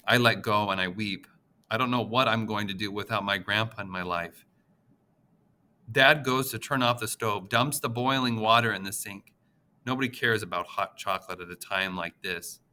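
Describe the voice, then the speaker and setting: A man narrating an audiobook in the first person, with an expressive, emotional reading. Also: fairly low pitch, normal speed.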